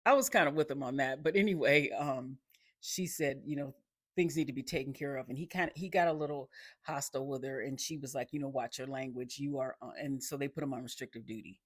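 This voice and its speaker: Casual episode recap, rambling delivery, frequent self-corrections, mid pitch, dry close sound. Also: a little fast, dry recording.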